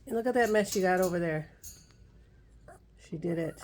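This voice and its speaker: This woman's voice is on the low side and a little mellow, moving at a normal speed. She's at home indoors, filming her parrot with a handheld camera and talking to it in a teasing, playful, sing-song manner, just casual pet talk.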